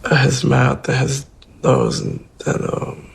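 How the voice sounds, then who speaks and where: A man's voice: mid-range voice, big pitch swings, slow pace, creaky, breathy edge. A man speaking casually in an interview, telling a story in loose slang. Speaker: interview guest.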